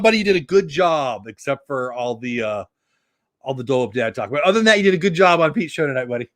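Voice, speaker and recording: Fast-talking chatty man, dry sound. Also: medium pitch, expressive, no echo. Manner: chatty, greets chat viewers by name. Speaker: YouTube live stream host. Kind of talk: casual live-stream chat.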